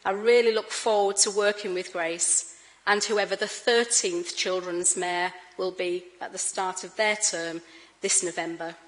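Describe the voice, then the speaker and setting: A middle-aged woman addresses a council chamber in a formal speech. She tells stories warmly, with a gently humorous touch, at a mid pitch. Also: steady tone, a little slow, low-quality recording. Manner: warm, anecdotal, gently humorous. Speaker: incoming Lord Mayor.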